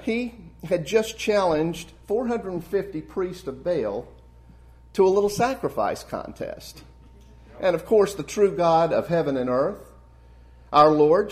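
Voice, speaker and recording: A man preaches a sermon with earnest, warm delivery, climbing to emphatic peaks before dropping soft and low.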